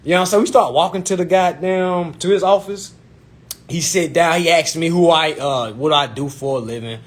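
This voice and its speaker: A young man telling a profane, animated story in a casual vlog, full of "you know what I'm saying". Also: on the high side, moderate pace. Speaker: vlogger giving consumer-credit advice.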